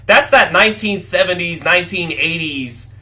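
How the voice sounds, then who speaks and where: Young guy hosting a boxing stream, talks to chat, excitable and swears a lot, bright voice pitched a bit high. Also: normal speed. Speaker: boxing show host. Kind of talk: casual reaction commentary to livestream chat.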